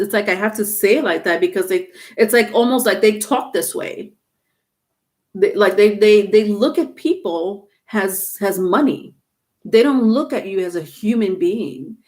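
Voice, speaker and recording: A woman doing a live tarot reading, talking casually, halting and repeating words, with some swearing. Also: medium pitch. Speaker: tarot reader.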